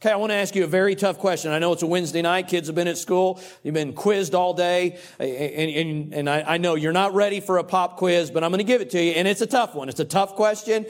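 A middle-aged man, a pastor and coach preaching a sermon through a personal story in a conversational, animated way. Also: high voice, quick pace, few pauses. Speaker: pastor and cross-country coach.

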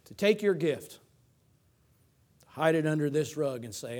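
Texan male pastor, fairly high voice, energetic preaching with soft drops. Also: unhurried. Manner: animated preaching with sudden loud climaxes and soft asides. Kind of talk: sermon.

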